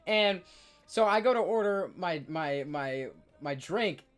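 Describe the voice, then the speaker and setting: A young man, a streamer, telling stories in casual chat, excitable and stammering, loudly acting out what people said. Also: high voice, slow, soft background music.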